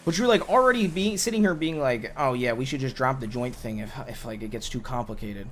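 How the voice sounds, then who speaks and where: A man's voice: medium pitch, fairly quick, a bit bright, a little hiss or hum, natural voice. A man voicing an exasperated young man in an improvised game roleplay, pleading with his partner and tripping over his own restarts. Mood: frustrated. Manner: pleading, repeats himself, stumbles over restarts. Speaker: roleplay character.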